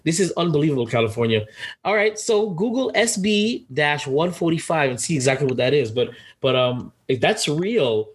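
A man hosting a casual podcast chat over a video call, animated and quick to laugh, often repeating his words. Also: on the high side, breathy edge. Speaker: podcast host.

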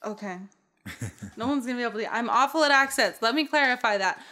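Woman, casual chat, giggly, self-deprecating, high lively voice. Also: fairly quick. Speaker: guest.

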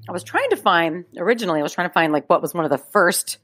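A woman with a somewhat low voice reads a true-crime story aloud for a podcast. She keeps it casual, dropping in chatty asides and laughing between facts. The close mic gives a dry sound with almost no room. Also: lively intonation, fast, a bit bright, husky, dry recording. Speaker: podcast co-host.

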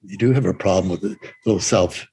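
Man quoting a calm male therapist. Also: deep voice, normal speed, husky. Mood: explanatory. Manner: reassuring, explanatory.

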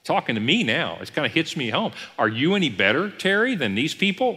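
A slightly high, breathy-edged male voice moves briskly with few pauses. He's an executive pastor preaching a sermon in a church sanctuary, animatedly acting out imagined voices and dialogues as he teaches. Long hall reverb fills the recording.

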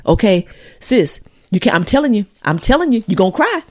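A woman co-hosting a casual chat show, retelling stories in an animated, dramatic way. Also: medium pitch, brisk. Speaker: podcast co-host.

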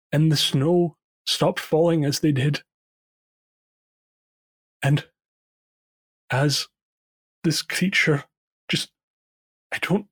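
A man voicing a frightened, traumatized old male dwarf who talks haltingly, with many repeats. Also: a little high, breathy edge, pitched above the performer's own voice. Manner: halting, stammering, full of repeats.

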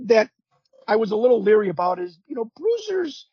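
High, husky-voiced man telling stories. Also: brisk, no room sound. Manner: animated storyteller, acts out quotes, frequent restarts. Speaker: podcast guest, former pro wrestler. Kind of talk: casual storytelling interview. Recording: dull lo-fi sound.

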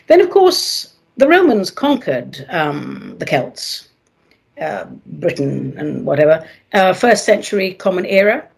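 A husky-voiced woman hosts her own radio show, swooping through her lines with lively, animated pitch. She is playful and theatrical, leaning hard on her words, and her voice sits on the low side. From not from America, moved there. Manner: playful, dramatic, sing-song emphasis. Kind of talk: theatrical solo radio talk.

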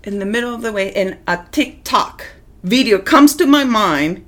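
A woman co-hosting a casual chat, telling a story with lots of swearing and acting out the shouting in it. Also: medium pitch, moderate pace. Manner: animated, profane, acts out shouting in her stories.

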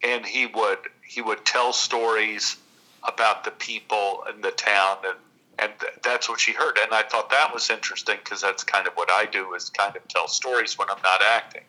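A man from Texas, an actor and guest, telling stories in an unhurried, reflective interview. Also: lowish voice, steady tone, pushed and bright, poor audio. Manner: unhurried, reflective, with long pauses.

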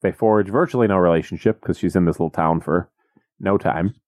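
A man recapping a movie in casual comedic chat, deadpan and jokey, slipping into silly voices. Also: deep voice, a little fast, no echo, clean studio sound. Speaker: podcast co-host.

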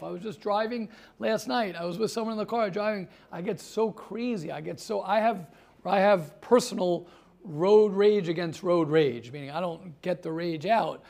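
High-voiced animated male yeshiva teacher. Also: creaky. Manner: animated, rhetorical questions, stories. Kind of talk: lively classroom talk.

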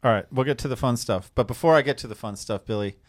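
A man's voice: mid-range voice, fast, no room sound, studio quality. A man hosting a fishing podcast, talking casually and joking with his co-host before bringing in a guest.

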